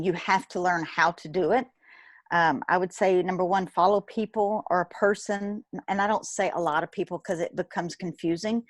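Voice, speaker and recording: A woman in her fifties, a guest in an interview, telling a personal story in a lively way, acting out what others said and laughing often. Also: fairly low pitch, dry recording. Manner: animated, acts out quoted dialogue, laughs often. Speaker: guest, retired nurse turned business owner.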